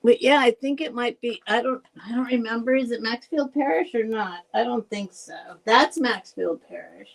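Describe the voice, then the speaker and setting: A woman hosting a casual live vintage sale, chatty and rambling, laughing often and thinking out loud. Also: a little high, normal speed, gravelly, few pauses, poor audio. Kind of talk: casual live selling chat.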